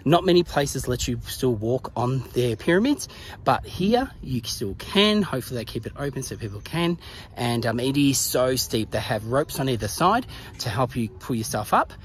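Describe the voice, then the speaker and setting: A man's voice: mid-range voice, big pitch swings, moderate pace, a little hiss or hum. A man narrating a casual travel vlog outdoors at a pyramid site, chatty and laughing often, out of breath from the climb. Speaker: travel vlogger.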